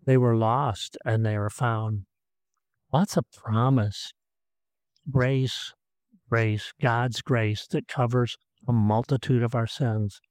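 A man's voice: medium pitch, fairly even intonation, takes it slowly, dry recording. Earnest pastor man preaching, dry and close. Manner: earnest, repeats words, swings between emphatic and soft. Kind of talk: sermon.

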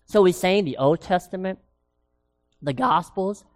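A woman preaching a sermon with emphasis, asking the congregation rhetorical questions and slowing down on key words. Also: on the low side. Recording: long reverb of a large hall.

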